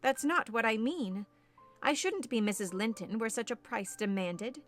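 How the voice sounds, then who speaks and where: A woman's voice: fairly high pitch, moderate pace, fairly bright tone, faint music behind, natural voice. A woman reading as a passionate, headstrong young woman in an audiobook, speaking in an impassioned, declamatory way. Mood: indignant.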